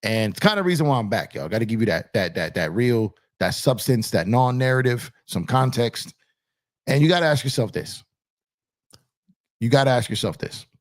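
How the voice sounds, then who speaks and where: A man's voice: medium pitch, very animated, moderate pace. A man hosting a sports talk show, emphatic, repeating his lines and talking straight to his chat. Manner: emphatic, repeats phrases, addresses chat as y'all. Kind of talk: animated basketball talk show. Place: home studio with purple lights. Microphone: on camera streaming setup.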